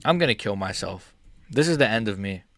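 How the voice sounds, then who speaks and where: A young man reacting live to a fight for his viewers, swinging between yelling insults and muttering in frustration, swearing heavily and talking to viewers by name. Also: lowish voice, lively intonation, fairly quick, no echo. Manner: swings between angry shouting and muttered grumbling, heavy swearing. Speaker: MMA streamer reacting live.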